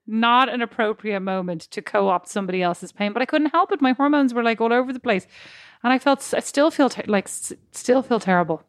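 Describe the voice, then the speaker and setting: A woman's voice: on the high side, dry recording, clean studio sound. A woman in her thirties co-hosting a podcast, telling stories in a chatty way and laughing at herself. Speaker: podcast co-host. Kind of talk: casual chat.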